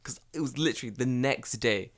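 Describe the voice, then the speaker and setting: A young man with a London accent, telling stories on a casual podcast. He is animated and comic, swears freely, and speaks at a mid pitch. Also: brisk. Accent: London English. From England. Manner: animated, profane, comic storytelling. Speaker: podcast co-host. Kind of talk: casual storytelling chat.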